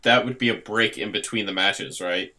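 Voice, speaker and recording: A man's voice: lowish voice, moderate pace, sharp tone. A man co-hosting a casual podcast chat, agreeable and easygoing as he breaks things down. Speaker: podcast co-host.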